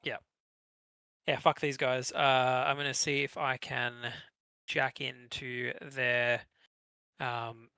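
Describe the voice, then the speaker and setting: A man's voice: mid-range voice, creaky, bright, forceful tone, dry recording, low-quality recording. A man playing in a tabletop game, rambling with lots of fillers. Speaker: player.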